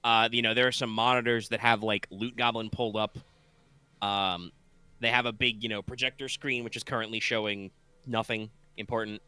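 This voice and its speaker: A drowsy male game master describes scenes over an online call, wandering through fillers and restarts. His voice is bright and crisp. The sound is dry and close. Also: on the low side, fairly even intonation, moderate pace, dry recording. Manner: rambling, full of fillers and restarts. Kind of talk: narrating a tabletop game.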